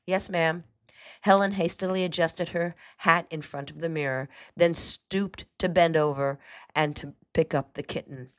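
Woman host, measured storytelling, low pitch, dry close sound. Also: no echo. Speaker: host and reader. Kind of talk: reading a novel aloud.

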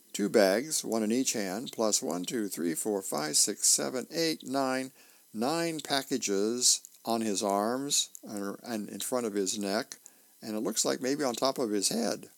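A man reading newspaper comics aloud, halting with many fillers and restarts. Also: lowish voice, gravelly. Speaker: newspaper reader.

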